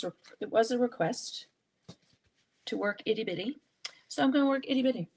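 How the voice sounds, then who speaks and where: Chatty woman teaching art journaling. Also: fairly high pitch. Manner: chatty, thinking aloud while working. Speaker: art journaling teacher hosting a live session. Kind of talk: casual live craft demonstration.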